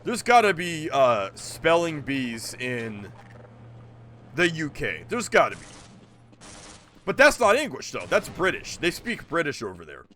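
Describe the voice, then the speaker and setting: A man's voice: fairly high pitch, big pitch swings, a little slow, bright, forceful tone. A man streaming a video game, rambling and joking with his chat as he plays. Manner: rambling, jokey, talks to chat. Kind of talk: casual gameplay commentary.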